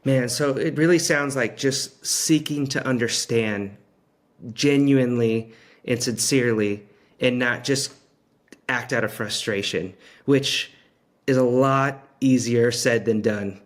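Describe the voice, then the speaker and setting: A man's voice: medium pitch, slow pace. Reflective male podcast host. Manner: reflective, sums up the guest's points. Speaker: podcast host, youth coach. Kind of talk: conversational podcast.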